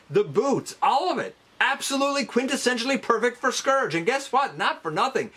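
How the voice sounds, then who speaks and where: A man hosting a casual toy countdown review, talking with lots of emphasis and fillers like "um" and "not for nothing.". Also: a little high. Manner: animated, stressed emphasis, fillers. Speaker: toy collector host.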